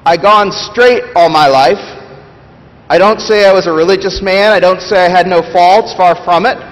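A man voicing an indignant working-class male ghost who blusters loudly about his rights. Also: sits high, moderate pace, voice pushed up, lightly acted. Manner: blustering, loud, repeats "see?" and "bloody". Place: church sanctuary. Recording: long church reverb.

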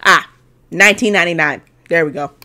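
A woman's voice: fairly low pitch, a little fast, sharp tone. A young woman in her twenties doing playful, sassy let's-play commentary, who swears freely and often drops into muttered asides. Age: 20s. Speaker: gaming video host.

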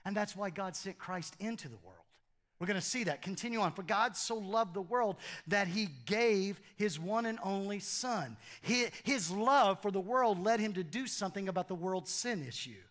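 A middle-aged man preaches in a church with a high, lively voice. He keeps it conversational and funny, repeating phrases for emphasis and switching between reading scripture and joking with the room. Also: normal speed. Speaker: pastor. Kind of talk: sermon. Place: church auditorium.

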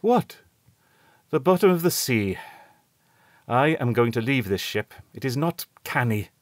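A man's voice: medium pitch, sing-song, a little slow, no echo, pitched above the performer's own voice. A man putting on a curt, stubborn ship's doctor. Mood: wry. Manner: curt and stubbornly sure of himself. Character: blunt, superstitious male ship's doctor. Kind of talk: dramatic audiobook reading.

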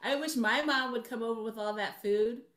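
A woman in a casual chat about an episode, unhurried, agreeing often and laughing easily. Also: fairly high pitch, a loud crowd. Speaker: cast member discussing an episode.

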